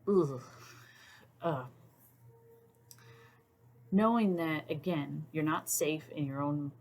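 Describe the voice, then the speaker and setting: Low-voiced woman hosting casual talk. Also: slow, darkish tone. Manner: thoughtful, many "um"s, drops to near-whispers on creepy parts. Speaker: YouTube host.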